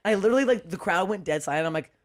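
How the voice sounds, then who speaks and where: A woman comedian telling stories in a casual podcast chat, animated, swearing freely and laughing often. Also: mid-range voice, racing. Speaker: comedian guest. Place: podcast studio.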